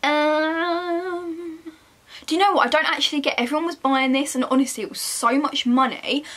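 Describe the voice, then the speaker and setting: Young woman with a higher voice, casual vlog chatter, joking at her own expense. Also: steady tone, moderate pace, a bit bright. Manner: chatty, self-mocking, talks to herself while browsing. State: chilly, wrapped in a jacket. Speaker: vlogger. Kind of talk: casual shopping vlog chat.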